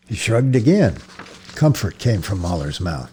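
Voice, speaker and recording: A man reading a novel aloud as narrator, measured, with occasional slips and restarts. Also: lowish voice, big pitch swings, warm tone, slightly rough. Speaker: audiobook narrator.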